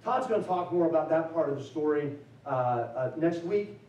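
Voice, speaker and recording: A man's voice: fairly high pitch, expressive, moderate pace, darkish tone, dull audio, a little hiss or hum. Man preaching in an echoey chapel. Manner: conversational preaching with emphatic rising build-ups; loose and self-deprecating, with fillers and restarts. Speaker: chapel speaker. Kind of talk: sermon. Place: college chapel. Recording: echoey chapel, mic at a distance.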